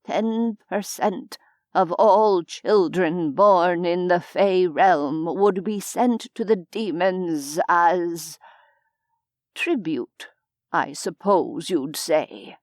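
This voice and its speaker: A woman voicing a courteous, formal gentleman in an audiobook, measured and gently lecturing. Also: on the low side, no room sound, clean studio sound. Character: genteel, courteous older gentleman scholar. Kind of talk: audiobook character voice.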